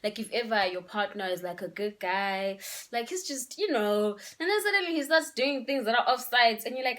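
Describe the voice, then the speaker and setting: A woman's voice: fairly high pitch, animated, moderate pace, fairly bright tone. A young woman, giving relationship advice in a casual, emphatic vlog and slipping in local words. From Eswatini. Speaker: vlogger.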